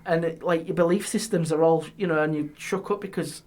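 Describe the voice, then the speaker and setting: A man, a guest on a podcast, telling ghost stories in a lively way and dropping his voice on eerie details. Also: a little high, a little fast, hardly any pauses. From England. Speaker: guest, paranormal historian. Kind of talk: casual storytelling. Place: podcast studio.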